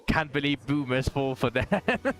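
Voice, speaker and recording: A man's voice: medium pitch, animated, unhurried, fairly bright tone, rough recording. A man streaming and chatting casually on a headset mic, rambling and restarting his sentences in a laid-back way. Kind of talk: casual chat.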